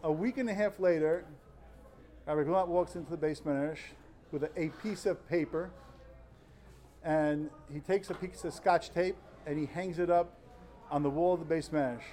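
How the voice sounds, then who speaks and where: A young man in his twenties, a yeshiva student, tells a personal story in an animated, earnest way before giving an informal Talmud lecture. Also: on the high side, normal speed. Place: study hall before fellow students.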